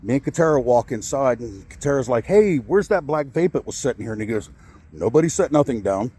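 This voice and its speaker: A man's voice: mid-range voice, animated, brisk, warm tone, slightly rough. A man in his forties telling a personal story in a vlog, angry and upset, swearing and rambling with many fillers. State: upset, shaky with anger. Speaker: vlogger. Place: in a car.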